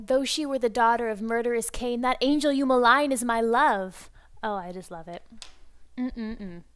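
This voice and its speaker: Bubbly woman with a smooth voice. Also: on the high side, a bit bright. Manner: bubbly, rambling fan enthusiasm. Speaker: podcast host. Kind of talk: casual podcast chat.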